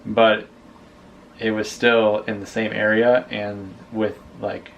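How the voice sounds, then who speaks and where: A man co-hosting a casual vlog chat, rambling and halting as he explains things. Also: fairly low pitch, level tone, vocal fry, a little hiss or hum. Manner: rambling, halting, many restarts. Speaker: vlog co-host.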